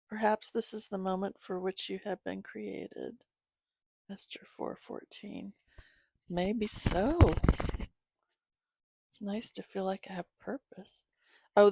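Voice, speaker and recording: A woman hosting her own channel, chatting casually with viewers as she shows gifts, giggling often and filling pauses with "um". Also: mid-range voice, vocal fry, darkish tone, no echo. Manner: chatty, giggly, many fillers. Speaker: channel host reading to her cats. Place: home, reclining.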